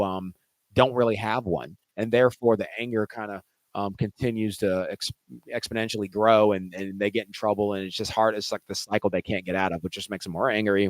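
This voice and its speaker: Somewhat low-voiced male teacher, dry. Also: no room sound, poor audio. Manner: conversational, many "you know" and restarts. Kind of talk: casual storytelling.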